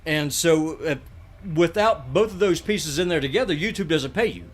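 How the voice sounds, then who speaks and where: A man's voice: fairly high pitch, expressive, moderate pace, slightly rough. A middle-aged man, chatting bluntly and ramblingly while streaming a game from a desk mic. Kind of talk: casual live-stream chat while gaming.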